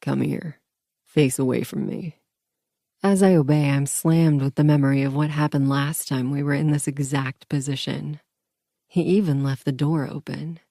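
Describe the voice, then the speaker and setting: Woman audiobook narrator, first person, intimate murmur, gravelly, dry close sound. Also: low voice, steady tone, moderate pace, warm tone, dry recording.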